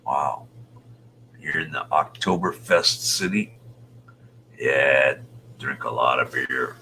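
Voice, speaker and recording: Very deep-voiced, slow, rambling man. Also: slight background noise. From Utah, USA. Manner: rambling, muttering soft half-whispered asides. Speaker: show host reading viewer chat. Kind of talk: casual livestream chat.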